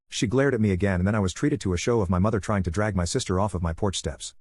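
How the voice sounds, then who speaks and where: Man, story narration, matter-of-fact, low pitch, dry close-up sound. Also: fast, a little mellow, no room sound.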